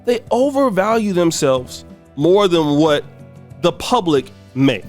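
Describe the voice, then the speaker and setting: A man hosts a casual reaction video, his pitch swinging widely as he talks. When something strikes him as absurd his voice leaps up high, and he stumbles over repeated words. Faint music sits behind him. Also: takes it slowly. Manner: animated, voice jumps high when incredulous. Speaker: commentary video host.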